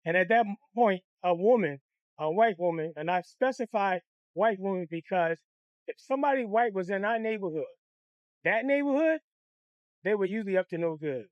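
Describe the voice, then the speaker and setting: Brief: crude, animated male storyteller from Detroit, dry sound. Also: high-pitched, moderate pace, dry recording, muffled recording. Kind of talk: comic storytime.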